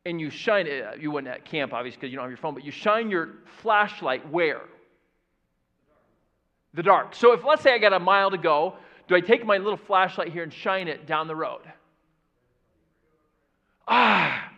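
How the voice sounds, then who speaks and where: Animated man preaching to young people. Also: a little high, fairly quick. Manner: animated, playful, asks the crowd questions. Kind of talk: youth sermon. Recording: dull lo-fi church audio.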